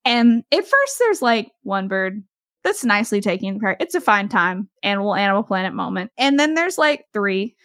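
A young woman telling a story in casual podcast chat, animated, laughing often and full of fillers. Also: mid-range voice, moderate pace, no echo, clean studio sound. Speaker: podcast host.

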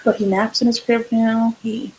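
A woman's voice: a little high, little pitch movement, normal speed, a little mellow, rough recording. A woman co-hosting a casual podcast chat, speaking candidly and swearing freely as she tells stories and acts out quotes. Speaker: podcast co-host.

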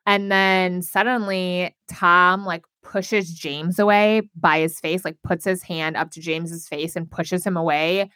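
A woman co-hosting a podcast, recapping a reality show in casual chat, talking fast and loose with lots of fillers and swearing. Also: on the low side, steady tone, pushed and bright, smooth, no room sound, clean studio sound. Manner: chatty, swears, many "like" fillers.

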